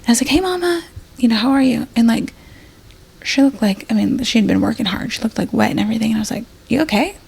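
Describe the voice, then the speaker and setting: A woman with a husky, gravelly voice, pitched on the high side and a bit dark in tone, guests on a podcast and tells a personal story at a racing clip. She rambles loosely with plenty of fillers, acting out what each person said as it happened. She comes across like an emergency nurse talking it all through.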